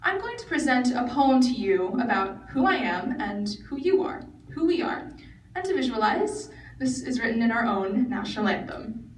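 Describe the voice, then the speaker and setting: Teen girl reading her speech earnestly, fairly high voice, echoey hall, recorded from way back, little bit of noise. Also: sing-song, moderate pace, far from the mic. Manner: earnest, recited delivery. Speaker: student speaker. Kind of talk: prepared speech. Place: large convention hall.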